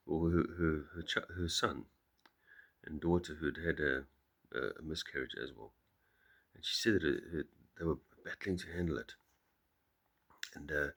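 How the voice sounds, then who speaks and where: A middle-aged man speaking softly to the camera on his farm early in the morning, halting and reflective, with many pauses and restarts. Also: extremely low pitch, creaky. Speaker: farm vlogger. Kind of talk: reflective personal talk to camera.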